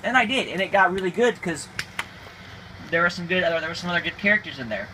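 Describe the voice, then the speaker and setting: A man's voice: sits high, expressive, quick pace, noisy background. A man giving a casual, emphatic opinion monologue, ranting with frequent restarts. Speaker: video creator.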